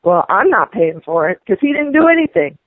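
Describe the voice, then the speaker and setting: A woman's voice: mid-range voice, sing-song, a little fast, no echo. A woman angrily complaining on a phone call, indignant and swearing. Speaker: prank call target, angry customer. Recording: tinny phone line.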